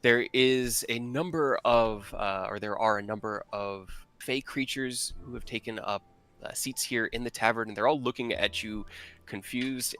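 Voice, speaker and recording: A man's voice: medium pitch, fairly even intonation, unhurried, a bit bright, soft background music. A man narrating as game master of a tabletop game, casual with many fillers.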